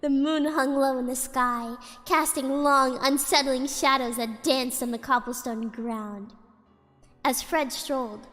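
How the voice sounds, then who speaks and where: A woman's voice: high-pitched, fairly even intonation, unhurried, a bit bright, long reverb tail. A woman streamer reading a spooky story aloud in a casual way, giggling often and breaking off to chat.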